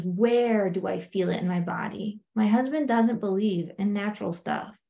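A married woman coach explains a self-inquiry method conversationally in a fairly high, darkish voice. She often asks "right?" and acts out the lines she quotes.

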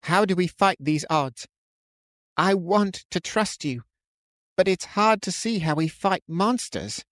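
A man's voice: sits high, expressive, slow, fairly bright tone, no room sound, clean studio sound, pitched above the performer's own voice, full character voice. A man voicing a frightened young man whose voice cracks with distress as he pleads. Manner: panicked, pleading.

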